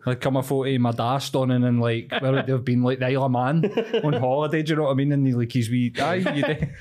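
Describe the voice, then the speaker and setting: Scottish co-host telling chatty stories. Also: male voice, medium pitch, steady tone, quick pace, a little mellow. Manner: chatty, swearing anecdotes. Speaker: podcast co-host. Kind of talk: casual podcast banter.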